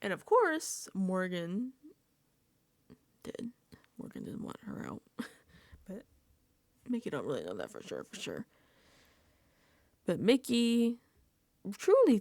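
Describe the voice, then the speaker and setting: A woman's voice: fairly low pitch, huge pitch swings, measured pace, long pauses, dry recording. A woman vlogger giving a casual reality TV recap, laughing often and dropping into whispered asides. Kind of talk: casual recap and reaction commentary.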